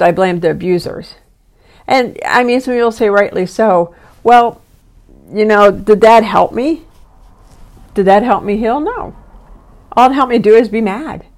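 A woman's voice: mid-range voice, a little mellow. Earnest woman in her sixties coaching listeners. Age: 60s. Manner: earnest, instructive, addresses listener directly. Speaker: podcast host and life coach. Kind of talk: self-help podcast talk.

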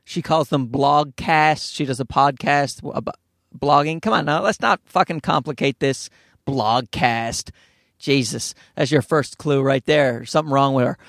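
A man's voice: mid-range voice, a little slow, vocal fry, a bit bright, no room sound, clean studio sound. A man hosting a casual solo podcast, rambling with profanity and sarcastic asides. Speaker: podcast host. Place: outdoors or by a road, talking into a microphone.

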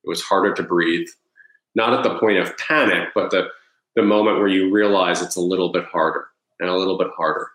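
A man's voice: low-pitched, fairly even intonation, fairly quick, a bit bright, reverberant, low-quality recording. A man telling a personal story at length. He rambles, repeats words and acts out his own past thoughts. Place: Los Angeles.

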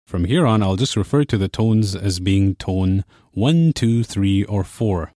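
A young man hosting a language course, explaining in a clear, measured teacher's manner. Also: fairly low pitch, animated, warm tone, dry recording, clean studio sound. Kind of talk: scripted lesson narration.

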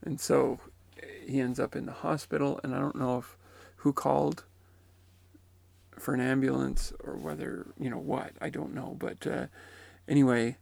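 A man with a heavy gravelly fry works through a story out loud, musing and unsure of himself. His voice sits at an ordinary pitch and sounds close and dry, with no room around it. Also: level tone, moderate pace, long pauses, dry recording. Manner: musing and tentative, often unsure. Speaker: commentator retelling a near-death account. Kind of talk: reflective spoken commentary.

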